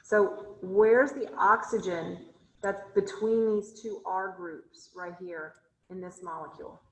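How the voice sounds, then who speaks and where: A woman's voice: mid-range voice, takes it slowly, roomy sound, low-quality recording. A woman chemistry instructor teaching an online class, asking her students question after question and thinking aloud as she draws. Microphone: video call.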